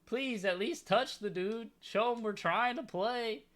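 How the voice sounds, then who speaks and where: Young male gamer, high bright voice, exasperated comic whining as he plays. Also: a little slow. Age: young adult. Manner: exasperated, pleading, comic complaining. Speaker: gaming YouTuber. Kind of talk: live game commentary.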